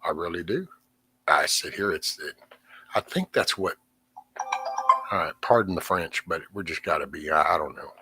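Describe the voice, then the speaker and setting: This livestream host, a middle-aged man at home, rambles through a casual venting session full of swearing and trailing thoughts. His pitch is extremely low, his pace moderate, and his tone bright and forceful, with a little hiss or hum in the audio.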